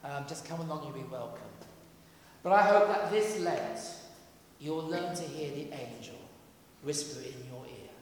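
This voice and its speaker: A man preaching a sermon in a church, earnest and emphatic, dropping to a hush for quoted voices. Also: fairly high pitch, expressive, measured pace, a little hiss or hum. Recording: echoey church, heard from a distance.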